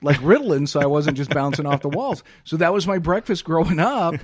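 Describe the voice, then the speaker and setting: A man's voice: a little high, fairly quick, no room sound, studio quality. Chatty middle-aged man, storytelling. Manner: rambling storyteller, acts out voices. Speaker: podcast co-host. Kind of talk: casual chat.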